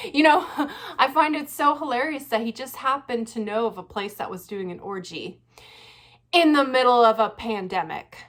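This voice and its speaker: A woman vlogging her casual reaction commentary, animated and laughing often, with frequent swearing. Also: mid-range voice.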